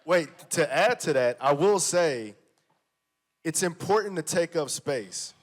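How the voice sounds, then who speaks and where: A man speaks casually on a panel about how he works on set, his voice a touch high. He talks with emphasis and keeps repeating himself. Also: lively intonation, slow pace. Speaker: actor on a panel. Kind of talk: casual conversation.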